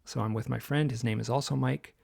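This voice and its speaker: Gravelly, husky man in his sixties from Michigan, animated interview storyteller. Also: mid-range voice, brisk, no room sound, clean studio sound. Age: 60s. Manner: animated storyteller, drops to a whisper for tense moments. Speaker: guest author.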